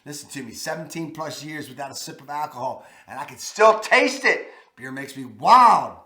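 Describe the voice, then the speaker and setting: A man from Maryland with a Baltimore accent, hosting a vlog in a punchy, enthusiastic way full of quick exclamations. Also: fairly high pitch, expressive, bright, forceful tone, echoey room. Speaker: vlog host. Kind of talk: casual presenting to camera.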